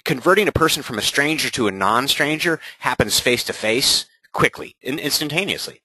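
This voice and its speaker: A man coaching real estate agents in a webinar, energetic and often checking in with "right?". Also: mid-range voice, no echo, poor audio. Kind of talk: webinar presentation.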